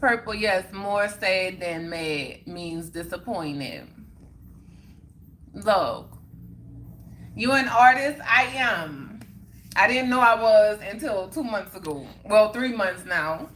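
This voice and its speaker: A young woman talks casually to her livestream viewers and answers their comments. Her voice is bright and sharp. She is emphatic and keeps circling back to the same points. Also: mid-range voice, lively intonation, slow, a little hiss or hum. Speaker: livestream host.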